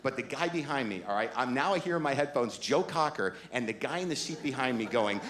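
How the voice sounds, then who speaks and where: Animated middle-aged male stand-up comedian. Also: mid-range voice, brisk, hardly any pauses, crowd noise. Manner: incredulous, animated rants with rhetorical questions. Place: comedy club stage with live audience. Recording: echoey club, loud audience noise.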